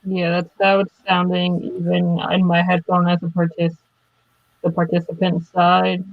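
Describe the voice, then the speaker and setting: Flat, gravelly man on a video call. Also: sits high, unhurried, dry recording, narrow, tinny audio. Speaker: tech support on a livestream team. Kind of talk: casual video-call tech check. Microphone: webcam mic on a video call.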